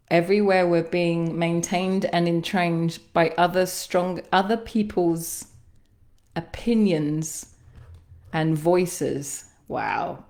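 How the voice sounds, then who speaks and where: Speaking in a somewhat low, slightly mellow voice, a woman who is a sound healer and coach hosts a livestreamed guided self-reflection. She muses and halts, punctuated by sighs and laughs.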